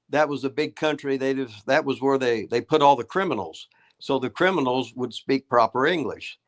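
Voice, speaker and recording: An older man, a retired wrestler hosting a show and telling rambling, folksy stories with swearing and laughs. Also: medium pitch. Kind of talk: casual storytelling chat.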